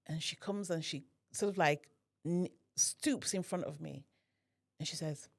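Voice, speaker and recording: A woman's voice: sits low, normal speed, pauses often. A woman guest on a podcast telling a personal story and acting out the dialogue. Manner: animated, acts out quoted dialogue.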